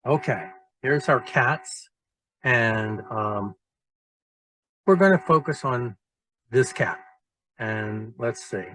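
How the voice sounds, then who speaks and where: Man giving a relaxed software tutorial. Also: mid-range voice, takes it slowly, pauses often, poor audio. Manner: relaxed, thinking aloud with fillers and restarts. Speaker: teacher trainer. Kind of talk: screen-recorded software tutorial.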